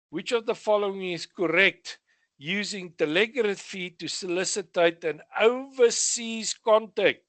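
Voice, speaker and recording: Measured and high-pitched, with a slightly bright tone, a South African man's voice carries this exam revision lesson in a dry recording. He takes radio exam questions in turn, reading each and giving the answer alongside short asides.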